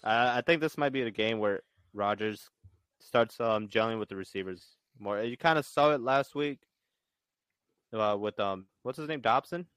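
A man's voice: fairly low pitch, moderate pace, fairly bright tone, clear, resonant tone, dry recording. A man co-hosting a casual football podcast, rambling with many fillers and swearing. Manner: rambling, profane, filler-heavy. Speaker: podcast co-host. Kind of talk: casual sports chat.

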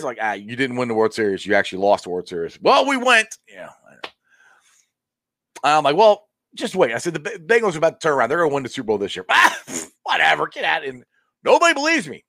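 Male sports stream host, animated delivery, dry close mic, rambling and excitable. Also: a little high, quick pace, no room sound. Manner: excitable, rambling, laughs often. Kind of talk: casual live-stream chat.

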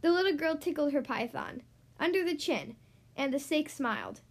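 A woman reading a children's storybook aloud in an animated, sing-song way. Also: sits high, moderate pace.

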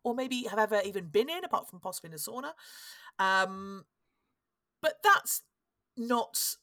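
A woman's voice: mid-range voice, animated, normal speed, pushed and bright, dry recording, clean studio sound. A woman, hosting a podcast and telling a history story in a chatty, wry way that often breaks off and restarts. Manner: chatty, wry, self-interrupting. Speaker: podcast host. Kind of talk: casual storytelling chat.

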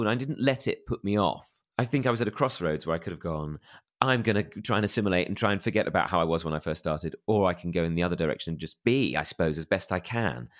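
Animated and fast-talking, a low-voiced man from England speaks with a plummy, posh accent. Appearing as an interview guest, he candidly tells personal stories at his own expense, with many fillers and restarts.

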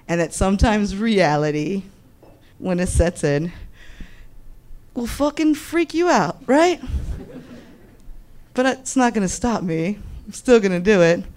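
A woman doing live stand-up, telling a raunchy story in a brash, profane and animated way, often laughing through her lines. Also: mid-range voice, a little hiss or hum. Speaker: stand-up comedian.

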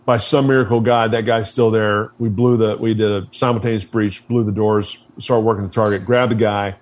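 A man's voice: on the low side, fairly even intonation, moderate pace. A man, a military veteran, telling a war story in a blunt, casual way, swearing freely and restarting his sentences often.

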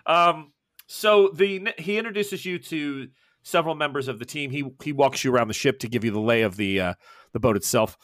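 A man's voice: mid-range voice, a little fast, a bit bright, no room sound. A man narrating a tabletop game as game master, rambling with fillers and self-corrections.

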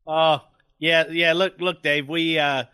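A bright, forceful male voice with a fairly high pitch, recorded dry and close in a studio. He tells a profane story in a lively way, stopping and starting, swearing freely, and laughing at his own tale. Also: slow, clean tone, no room sound. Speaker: podcast guest. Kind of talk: casual storytelling. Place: radio studio. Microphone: studio microphone.

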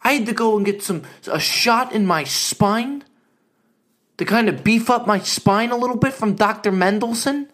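A man's voice: high voice, moderate pace, a bit bright, voice pushed up. A man doing his exasperated old dad. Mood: aggrieved. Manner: aggrieved, exasperated. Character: grumbling retired father complaining about his wife.

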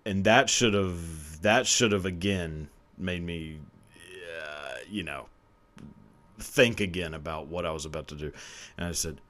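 Low-voiced, profane, laughing man. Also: measured pace, a bit bright. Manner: rambling, profane, laughs often. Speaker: podcast host. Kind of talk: casual confessional storytelling.

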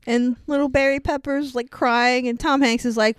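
A woman's voice: sits high, moderate pace, hardly any pauses, dry recording. A young woman co-hosting a podcast and recapping a film in casual chat, emotional and gushing, swearing freely. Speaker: podcast co-host.

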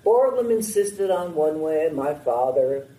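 An older man giving a formal, heartfelt prepared speech at a memorial ceremony, in a slow and measured way. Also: a little high, very animated, warm tone, reverberant, far from the mic, slight background noise, poor audio.

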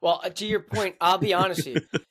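A male podcast host who speaks in a loose, candid way, dropping casual swear words as he talks. His voice sits a little high for a man. He sounds relaxed and conversational. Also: quick pace.

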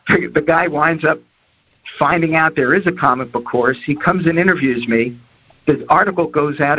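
A man's voice: mid-range voice, slightly rough, no echo. An older man from New Jersey telling an anecdote from his career and acting out each person's lines. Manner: acts out dialogue with lively voices. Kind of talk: anecdotal storytelling talk. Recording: dull lo-fi audio.

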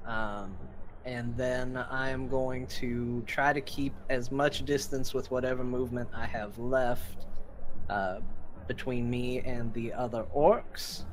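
Slow, hesitant man playing a tabletop game. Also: mid-range voice, fairly even intonation, faint music behind. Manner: hesitant, with many fillers while planning moves. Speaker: player. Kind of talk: casual tabletop game play.

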